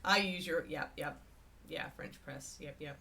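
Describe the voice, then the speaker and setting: A woman hosting a miniature painting livestream rambles casually, chatting with her viewers in the chat and talking to her dog. Her voice sits low and moves a little slowly, with a gravelly, sharp tone.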